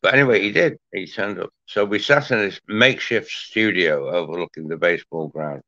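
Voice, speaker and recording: A man's voice: sits low, brisk, bright, forceful tone, no echo. An older man, a former TV presenter, telling a chatty story as an interview guest with lots of restarts and asides. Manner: chatty storyteller with frequent restarts and "you know". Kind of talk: casual interview anecdote. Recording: slightly muffled dry audio.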